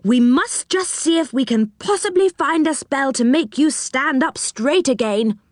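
A woman's voice: high-pitched, animated, unhurried, no echo, voice pushed up. Woman playing a chatty round-faced magic fellow, eager and polite, lifted voice, dry sound. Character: cheerful round-faced male magical treehouse dweller. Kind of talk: storybook reading.

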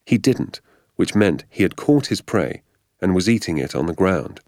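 A man narrating a storybook audiobook in a measured, even reading voice, voicing the dialogue himself. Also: sits low, no room sound, studio quality.

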